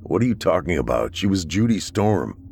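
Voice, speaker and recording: A man's voice: sits low, big pitch swings, a little fast, vocal fry, darkish tone, faint music behind, heavily acted. A man voicing a weary, terse deputy sheriff who talks in short, guarded questions. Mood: guarded, probing. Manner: curt, guarded.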